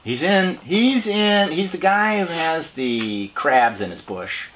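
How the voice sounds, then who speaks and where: A man's voice: on the high side, sing-song, slow. A man talks loosely as an interview guest, rambling from one thought to the next and laughing along the way. He swears freely. A faint background noise sits under his voice. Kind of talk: casual chat.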